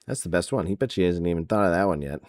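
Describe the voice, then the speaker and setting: A man's voice: low voice, fast, darkish tone, no echo, clean studio sound. A man hosting a wrestling podcast, ranting sarcastically in casual chat with many fillers. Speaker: podcast host.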